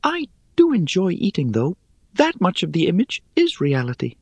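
A small, airy female spider, high above the man's own voice, who teases and lectures with lofty wit. Her delivery is lilting and dry, a storybook creature who is never in a hurry. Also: wildly swooping pitch, slightly rough, no room sound, heavily acted. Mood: wry. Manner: teasing, unhurried, superior. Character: tiny white spider, female, ancient, wry and hungry.

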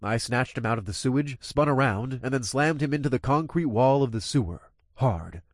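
A man's voice: mid-range voice, animated, normal speed, no room sound, studio quality. A man narrating a gritty first-person story with crude, coarse language.

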